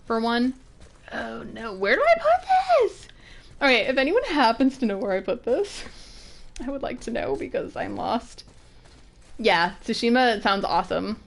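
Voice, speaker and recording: A woman with an alto voice, chatting excitably and giggling as she streams herself playing a video game. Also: fairly high pitch, measured pace, creaky, a little hiss or hum. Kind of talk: casual let's-play commentary. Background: game music.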